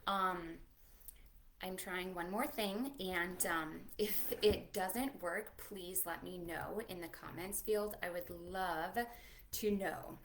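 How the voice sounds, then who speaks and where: A young adult woman, a children's librarian, leading a livestreamed preschool storytime in an animated, sing-song way, talking to little children and a puppet. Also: fairly low pitch, takes it slowly, a little hiss or hum.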